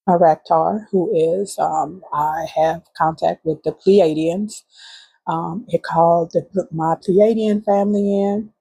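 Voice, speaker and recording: A woman hosting a spiritual channel, telling a heartfelt story from her bedroom in a halting way with fillers and soft whispered moments. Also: on the low side, vocal fry, slightly rough. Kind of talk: emotional spiritual testimony vlog.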